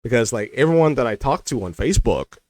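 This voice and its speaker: A man's voice: mid-range voice, expressive, quick pace, darkish tone, no room sound, low-quality recording. A young adult man vlogging, telling a personal story in a loose, rambling way full of "like" and "you know".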